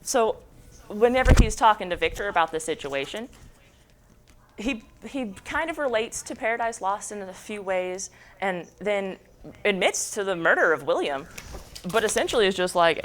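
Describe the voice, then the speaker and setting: A woman's voice: medium pitch, expressive, normal speed. A young adult woman giving a jokey, slangy, casual book summary as a book club presenter.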